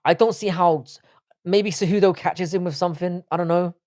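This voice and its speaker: A man's voice: sits high, steady tone, brisk, darkish tone. London man bantering on a live stream. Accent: London English. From England. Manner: profane, joking banter with the chat. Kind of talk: casual live stream chat.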